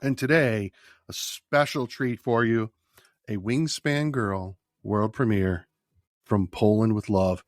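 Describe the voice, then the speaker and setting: A man's voice: fairly low pitch, slow pace, no room sound. Chatty male podcast co-host, dry sound. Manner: upbeat, chatty interviewer. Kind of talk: casual chat.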